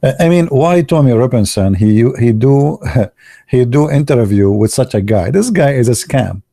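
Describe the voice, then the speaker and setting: In clean studio audio with no room sound, a gravelly-voiced online commentator talks casually and live. His mid-range voice is mellow and expressive, but he speaks haltingly, restarting often, using many fillers, and tossing in sarcastic asides.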